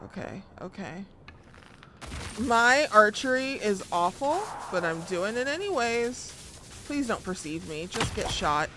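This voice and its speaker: A woman streaming gameplay, reacting excitably, swearing often and talking to herself and the screen. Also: mid-range voice, unhurried, noisy background. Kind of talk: live gameplay commentary.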